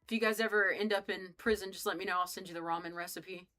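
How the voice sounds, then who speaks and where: A woman's voice: mid-range voice, fairly even intonation, quick pace, pushed and bright, soft background music. A young woman streaming a game, rambling casually, joking and swearing as she chats with her viewers. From United States. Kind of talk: casual live-stream chat while playing.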